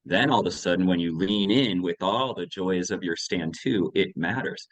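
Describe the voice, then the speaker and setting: A man's voice: deep voice, normal speed, dry recording, low-quality recording. A man in his forties in a candid conversation on parenting, reflective and thinking aloud. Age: 40s. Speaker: parenting educator.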